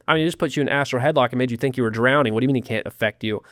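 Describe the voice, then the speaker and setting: A man's voice: medium pitch, very fast, a bit bright, no room sound, studio quality. A podcast host talking casually, irreverent and mocking, often restarting his sentences.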